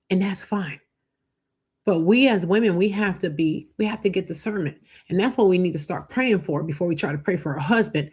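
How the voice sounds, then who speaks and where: A middle-aged woman hosting a live faith-based talk on marriage, preachy and animated, acting out quoted voices. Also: on the low side, brisk, husky. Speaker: show host.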